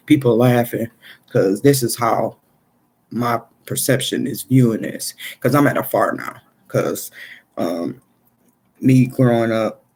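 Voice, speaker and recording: Casting: man, husky mid-pitched voice, profane street storyteller, loose and conversational. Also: a little mellow. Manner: street slang, profane, repeats "you know what I'm saying". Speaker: storyteller recounting an experience. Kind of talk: casual storytelling monologue.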